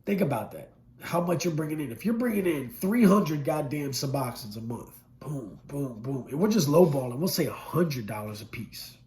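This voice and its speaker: A middle-aged man recounting his prison past in a blunt, profane storytelling manner, swinging from loud bursts to low murmurs. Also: lively intonation, normal speed. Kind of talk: candid storytelling interview.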